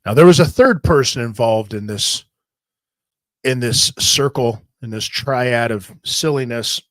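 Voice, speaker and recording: A man telling a long story in a casual, profane, animated way, often repeating himself. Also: medium pitch, measured pace, no echo, studio quality. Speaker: podcast host telling a wrestling story.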